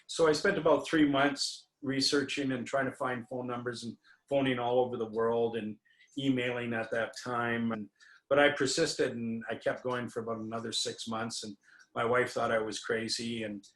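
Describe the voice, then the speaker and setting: A man's voice: medium pitch, steady tone, normal speed, fairly bright tone. A man, a winery owner, telling a rambling anecdote as an interview guest, with many fillers and restarts. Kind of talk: anecdotal storytelling in a conversation. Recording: roomy echo.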